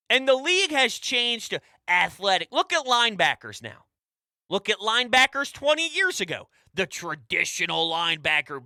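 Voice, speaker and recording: A man hosts a sports talk show with a bright, forceful voice. His pitch jumps all over as he rants emphatically, shouting one moment and dropping to quiet asides the next. The sound is dry and close. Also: no room sound. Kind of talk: fired-up sports radio rant.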